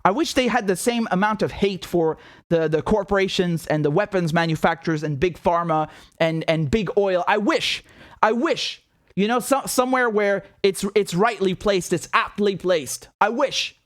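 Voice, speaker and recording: Male host, high-pitched, furious profane rant, dry close mic. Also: normal speed, no room sound. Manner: angry, ranting, profane, repetitive. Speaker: political commentator host. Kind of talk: impassioned monologue.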